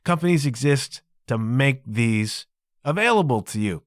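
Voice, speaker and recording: A chatty man in his fifties hosting his own podcast, rambling conversationally and checking in with listeners. His voice sits at an ordinary middle pitch. The sound is dry and close, with no room around it. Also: animated, a little slow, no room sound. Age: 50s. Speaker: podcast host. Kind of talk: casual solo podcast monologue.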